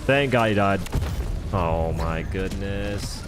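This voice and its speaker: A man's voice: sits low, slow pace, noisy background. A man streaming a game live, rambling and joking in casual chatter as he answers viewers' chat.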